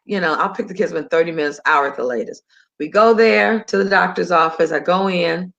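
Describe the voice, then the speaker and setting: Animated storytelling woman, slightly lo-fi. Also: lowish voice, vocal fry. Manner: animated, acts out both sides of phone calls. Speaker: talk show host sharing a personal story. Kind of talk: casual storytelling to an audience.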